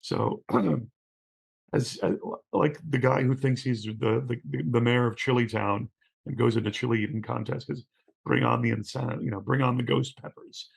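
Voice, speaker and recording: A middle-aged man with a gravelly, husky voice spins animated stories about horror films. He acts out the characters' lines and often restarts his sentences as he builds to the punchline. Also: medium pitch, normal speed. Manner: acts out scenes with quoted voices, frequent restarts. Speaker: guest, horror scholar. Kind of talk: animated storytelling in conversation.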